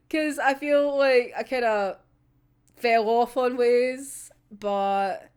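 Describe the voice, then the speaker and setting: Young female vlogger with a slightly high voice. Loose, chatty, quick to laugh, drops a swear word now and then. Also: darkish tone, clean tone. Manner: uses local words like wee and yous. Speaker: YouTube creator. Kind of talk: casual vlog chat to viewers.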